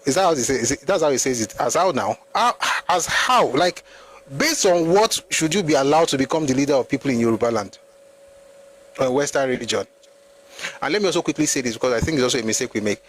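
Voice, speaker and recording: A Nigerian-accented man hosts a live history talk at a mid pitch. He argues hard, firing off rhetorical questions and answering them himself. A faint noise sits under his voice. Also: very fast, poor audio. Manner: argumentative, full of rhetorical questions. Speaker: host.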